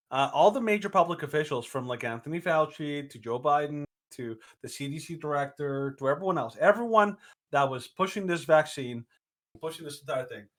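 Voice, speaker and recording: A man's voice: fairly high pitch, a bit bright. A man co-hosting a casual opinion podcast, rambling with many fillers and restarts. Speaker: podcast co-host.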